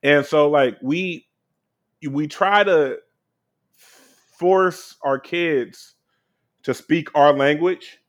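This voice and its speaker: A man's voice: on the high side, extremely slow, long pauses, dull audio. A young man chatting casually and candidly on a podcast, full of fillers and blunt swearing. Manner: loose and candid, heavy on fillers and profanity. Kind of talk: casual chat.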